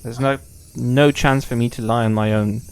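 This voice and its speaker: A man's voice: medium pitch, fairly even intonation, normal speed, darkish tone, clear, resonant tone. Chatty swearing male game streamer. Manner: chatty, swears freely, playful. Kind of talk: casual gameplay commentary.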